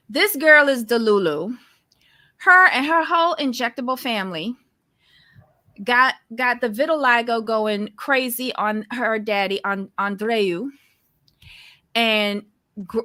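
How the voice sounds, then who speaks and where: A woman rants through a reality show recap, loud and full of swearing. Her voice sits high and bright, and she keeps slipping into mocking voices. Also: a little slow. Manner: loud, profane, animated ranting with mock voices. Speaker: recap commentator.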